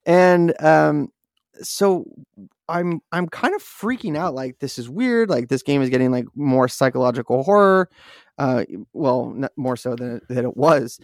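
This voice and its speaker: A man co-hosting a podcast, telling a story in animated casual chat, swearing freely and acting out what people said. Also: mid-range voice, a little slow, creaky, dry recording, clean studio sound. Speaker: podcast co-host.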